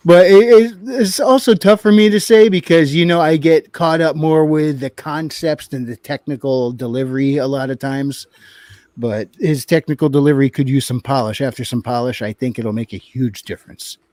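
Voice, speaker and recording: A man's voice: on the high side, fairly even intonation, darkish tone, dry recording. A man, a regular on the show, chatting casually and laughing easily. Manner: easygoing, quick to laugh. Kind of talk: casual group chat.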